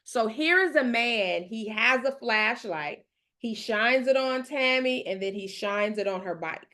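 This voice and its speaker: A woman's voice: on the high side, lively intonation, unhurried, sharp tone. A woman teacher reading a story aloud to learners, stopping to explain words simply and check they follow.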